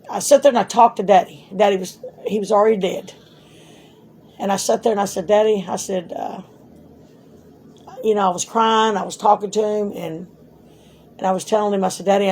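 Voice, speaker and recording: A middle-aged woman, a mother telling her grown son blunt stories in casual talk, swearing freely. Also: mid-range voice. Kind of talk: casual storytelling.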